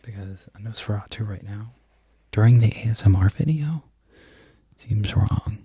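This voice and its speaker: A man talks in a whispered ASMR ramble, his voice breathy and husky as it drifts from one aside to the next. He often forgets where he was going and laughs quietly at himself. Under the whisper his tone sits low and gravelly. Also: moderate pace, no room sound. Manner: rambling, loses his train of thought; self-deprecating, laughs softly at himself. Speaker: crochet content creator.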